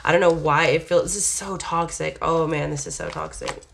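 Low-voiced woman giving a casual tarot reading. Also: fairly even intonation, moderate pace, vocal fry, slight background noise. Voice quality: frequent sighs and laughs, blunt and candid. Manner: chatty, rambling, swears casually. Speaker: tarot reader.

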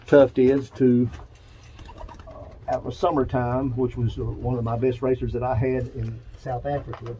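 A man's voice: medium pitch, little pitch movement, moderate pace, dark tone, highs cut off, slight background noise. A man in his seventies with a Kentucky accent, a pigeon breeder rambling through a casual walkthrough of his loft, full of fillers and repeats. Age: 70s. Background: pigeons cooing.

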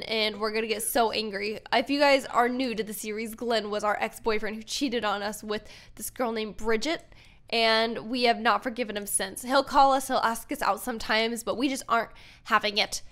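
A young woman talks through her gameplay in a casual, giggly way, thinking out loud as she plays. Her voice sits a little high for a woman. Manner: chatty, giggly, thinking aloud while playing. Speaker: gaming YouTuber. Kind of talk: casual let's-play commentary.

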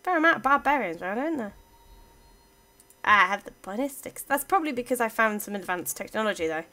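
A woman's voice: fairly high pitch, expressive, quick pace, sharp tone. A woman giving casual let's-play commentary, chatting playfully to her game units as she plays. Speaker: gaming channel host.

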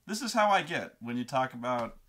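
A man's voice: medium pitch, big pitch swings, brisk, sharp tone. A man hosting a show, telling a long, profane, rambling rant full of tangents. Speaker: host. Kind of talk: comedic rant.

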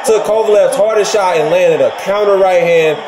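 Hoarse man in blunt fight commentary. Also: high-pitched, moderate pace, a crowd in the background. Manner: blunt, emphatic, repeats himself. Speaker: vlogger reacting to a boxing match. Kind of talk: casual profane fight commentary.

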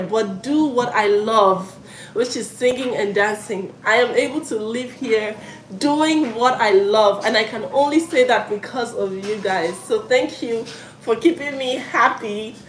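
Young woman, fairly high voice, echoey kitchen, noisy background, live-stream chat. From Africa. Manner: effusive and emotional, calls out sharply to her children. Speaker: vlogger livestreaming while cooking.

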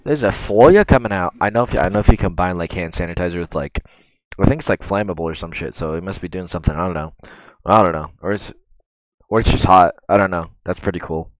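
A man reacting to meme videos as a streamer, excitable and cursing often, bursting into laughter. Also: low-pitched, fast talker, no room sound. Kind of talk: casual reaction commentary. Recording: dull lo-fi mic.

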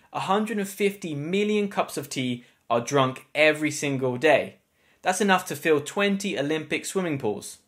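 Man, british english accent, fairly high voice, clear explaining, dry jokes, scripted slang lesson. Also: a bit bright. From England. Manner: clear explaining, wry asides. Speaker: English teacher.

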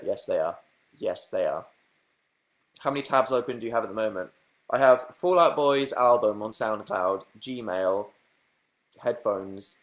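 A young man with a southern English accent, chatting playfully through viewer questions on a livestream from his room. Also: fairly low pitch. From southern England. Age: young adult. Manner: playful, self-mocking, bursts into silly sing-song noises. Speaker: livestream host. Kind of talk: casual livestream chat answering viewer questions.

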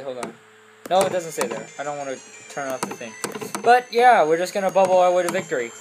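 A young woman giving goofy, rambling commentary over a video game, often breaking into loud squeals and silly voices. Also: sits low, poor audio. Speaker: let's play commentator.

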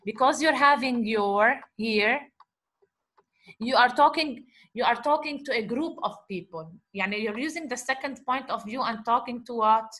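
A woman teaching a grammar lesson, explaining slowly, repeating examples and asking the class rhetorical questions. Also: on the high side, a bit bright. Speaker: Arabic teacher.

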